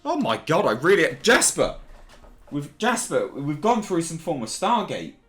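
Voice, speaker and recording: A man's voice: fairly high pitch, very animated, normal speed, faint music behind. A man hosting a casual pop-culture commentary video, talking in a sarcastic, exasperated way. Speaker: YouTube commentary host.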